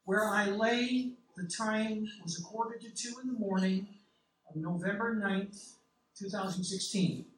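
A man reading a literary novel in the first person, with a measured, reflective delivery. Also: high-pitched, fairly even intonation. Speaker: audiobook narrator. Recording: roomy, distant mic, faint hiss.

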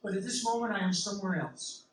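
A man reading a literary novel in the first person, with a measured, reflective delivery. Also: high voice. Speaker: audiobook narrator. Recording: roomy, distant mic, faint hiss.

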